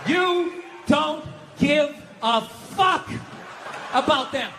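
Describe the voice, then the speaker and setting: A man doing a stand-up comedy set, ranting loudly and profanely, often shouting, on a large outdoor amphitheater stage with a handheld mic. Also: extremely high pitch, expressive, very slow, noisy background. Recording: echoey live venue with roaring crowd. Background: audience laughing and cheering.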